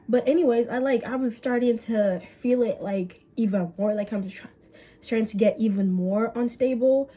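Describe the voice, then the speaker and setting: A young woman vlogger telling a story in casual chat, animated and swearing, with quick bursts and drawn-out words. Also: fairly high pitch.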